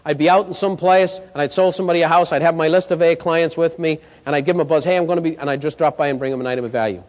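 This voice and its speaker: A man's voice: fairly high pitch, racing. Guy doing a sales coaching seminar, storytelling, keeps asking the crowd if it makes sense, big hall echo. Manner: lively storyteller, checks in with the audience. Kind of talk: live seminar talk. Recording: long hall reverb.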